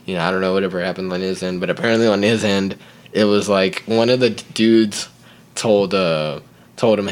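Young man, low voice, rambling casual storytelling, lots of fillers, acts out other people's lines. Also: normal speed. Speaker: podcast host.

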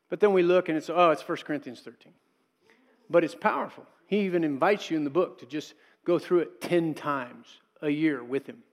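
A man's voice: on the high side, a little mellow, big-room sound. A middle-aged male pastor preaching a sermon in a conversational way, acting out quotes and adding asides.

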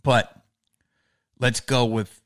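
A man's voice: medium pitch, little pitch movement, drawn-out words. A man in casual podcast chat who talks a lot, swears freely and keeps pushing his point over the other speaker. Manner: talkative, interrupts, pushes his point. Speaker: podcast co-host or guest.

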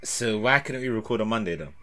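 A young man co-hosting a casual podcast, teasing his friend in quick slang banter. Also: fairly low pitch, lively intonation, fairly bright tone. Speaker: podcast co-host.

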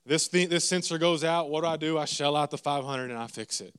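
A man, preaching a sermon as a lively, self-mocking story with asides to the congregation. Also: fairly high pitch, a little fast, clear, resonant tone.

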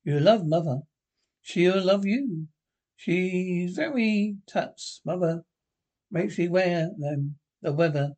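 Brief: shy mummy's boy, high, nervous chatter. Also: slow, darkish tone, exaggerated voice. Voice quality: nervous, fluttery. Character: timid young Englishman, mother's boy. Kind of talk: 1970s film comedy acting.

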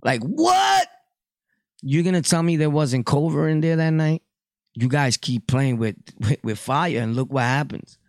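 His voice is a little high and steady in tone, somewhat dark, moving at normal speed. As a Puerto Rican podcast host, he rolls through a blunt, profane, casual monologue of street talk, recorded in studio quality with no room sound.

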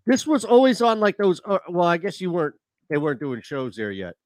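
A man hosting a casual sports talk show, rambling and animated. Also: high-pitched, fairly quick, no echo.

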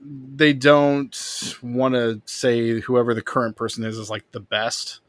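A man's voice: medium pitch, flat delivery, slow, dry recording. A man co-hosting a podcast in casual chat, rambling and speculating as he talks. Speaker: podcast co-host.

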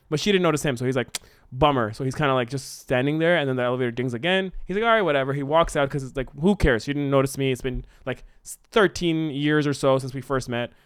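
A man co-hosting a podcast, pitching a film plot in a rambling, animated way with lots of fillers. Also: clear, resonant tone, no room sound, studio quality. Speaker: podcast co-host. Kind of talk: casual brainstorming chat.

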